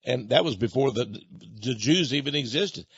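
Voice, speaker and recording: A man's voice: medium pitch, expressive, normal speed, slightly rough, no echo, lo-fi sound. A man hosting a radio show, talking in an emphatic, mocking, storytelling monologue. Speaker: radio host.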